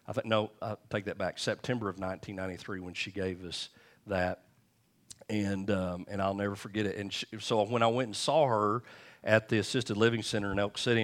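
A man pastor preaching a sermon in a church, telling a personal story in a conversational way before reading scripture. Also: on the low side.

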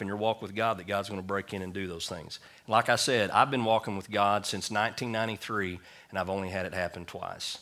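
A middle-aged man, a pastor, preaching a sermon at a church service and telling stories with lively acted-out quotes. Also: lowish voice. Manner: animated storytelling with acted quotes.

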